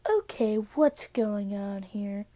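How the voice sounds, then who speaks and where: A woman's voice: mid-range voice, slow pace, warm tone, no room sound. A woman doing a stern suspicious mother. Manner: stern, questioning.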